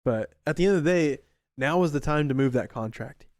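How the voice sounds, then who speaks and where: A man's voice: fairly high pitch, animated, brisk, darkish tone, no echo, clean studio sound. A young man co-hosting a podcast, talking sports in a laid-back way with slang. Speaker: podcast co-host. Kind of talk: casual chat.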